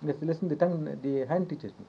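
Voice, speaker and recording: A man giving a yoga philosophy lecture, repeating his phrases, asking rhetorical questions and chuckling softly now and then. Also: fairly high pitch, quick pace, vocal fry, slight background noise. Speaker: yoga teacher. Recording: dull lo-fi recording.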